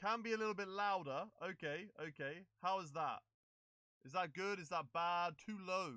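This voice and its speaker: Male streamer, bright edge, dry close mic, casual live-stream chatter. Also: sits high, normal speed, no room sound. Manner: chatty, fiddling with settings, checking with chat. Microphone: desk microphone.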